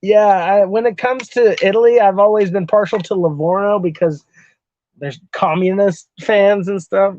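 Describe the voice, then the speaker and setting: A man's voice: high voice, fairly even intonation, normal speed, a little mellow, muffled recording. A man from Texas chatting casually on a live stream, answering his chat in a loose, rambling way, swearing a lot and laughing often.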